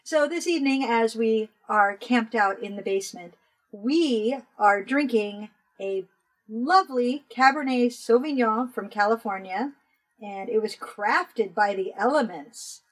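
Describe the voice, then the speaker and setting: A woman's voice: a little high, unhurried, low-quality recording. A woman co-hosting a podcast, chatting playfully and joking with frequent laughs, recorded in a home basement. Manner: playful, jokey, laughs often. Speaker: podcast co-host. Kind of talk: casual chat.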